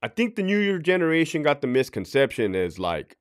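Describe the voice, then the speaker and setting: A middle-aged man tells blunt, profane stories on a casual podcast. He acts out quotes in other voices as he goes. His pitch swings widely from low to high. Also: big pitch swings, fairly quick. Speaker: podcast host, former correctional officer.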